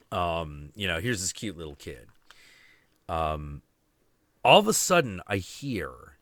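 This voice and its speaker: A man in his twenties with a low, deep voice that still has a bright, forceful edge. He rants through a story with casual profanity, recorded dry and close. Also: no room sound. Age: 20s. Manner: profane, ranting, confrontational. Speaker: podcast host.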